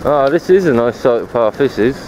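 A man's voice: mid-range voice, animated, brisk, background noise. A man chatting casually to his camera while cycling outdoors on a rural path, rambling and swearing freely as he films one-handed. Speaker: cycle-touring vlogger. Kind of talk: casual chat while riding. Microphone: handheld camera while cycling one-handed.

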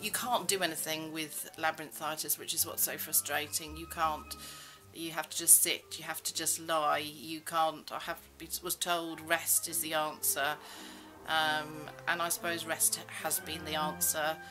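Low-voiced woman rambling over music. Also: flat delivery, unhurried, low-quality recording. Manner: rambling, self-mocking, many fillers. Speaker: vlogger. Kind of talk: casual chat.

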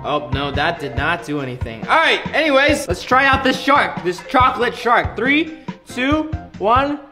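A young man chatting excitedly through a casual food taste-test vlog, full of tasting noises and quick reactions. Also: very high-pitched. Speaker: vlogger. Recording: echoey room with background music.

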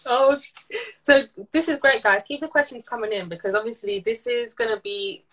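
A woman's voice: fairly high pitch, normal speed, a bit bright, poor audio. Give me a woman interviewer reading viewer questions aloud on a live stream. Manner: reads out viewer questions, brief encouraging replies.

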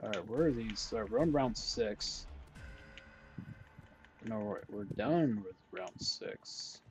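Excitable young man commentating gameplay. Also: fairly low pitch, slow, a little hiss or hum. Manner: excitable, jokey, talks to himself. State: voice starting to go hoarse. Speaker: gaming commentator.

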